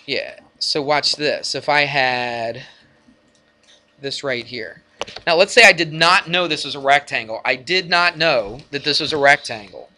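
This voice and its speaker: A man teaching a math lesson to his class, lively and energetic, often asking the students questions. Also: mid-range voice, unhurried. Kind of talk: classroom lecture.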